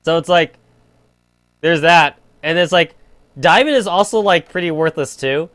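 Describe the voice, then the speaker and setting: A man's voice: fairly high pitch, moderate pace, fairly bright tone, no room sound. A young man streaming a game, rambling in crude casual chat full of filler "like". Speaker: gaming streamer.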